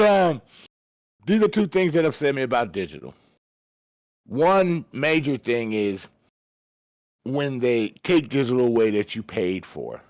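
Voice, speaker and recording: A man's voice: mid-range voice, a little mellow, no echo, clean studio sound. A man co-hosting a casual gaming podcast, blunt and slangy, hammering his points home by repeating them. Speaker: podcast co-host.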